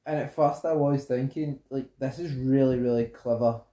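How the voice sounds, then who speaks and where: A man's voice: medium pitch, steady tone, moderate pace, warm tone. A Scottish man chatting casually and bluntly about a film, giving his opinions on the characters. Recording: roomy echo.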